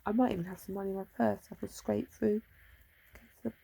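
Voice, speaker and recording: A woman's voice: mid-range voice, very fast, gravelly, mellow, husky. A woman rambling casually to herself in a vlog, muttering and trailing off. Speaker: vlogger.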